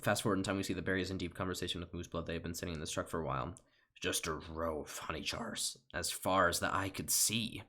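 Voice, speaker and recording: Young man, deep voice, deadpan home-recorded script read, tired. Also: fast. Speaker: online comedian. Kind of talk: comedic script reading.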